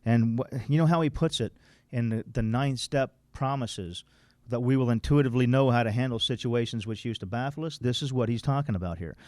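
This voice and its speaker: A man's voice: mid-range voice, a little fast, darkish tone, no room sound. Middle-aged man, workshop leader, blunt plain talk, dry close mic. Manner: plain-spoken, blunt, reads passages aloud then explains them.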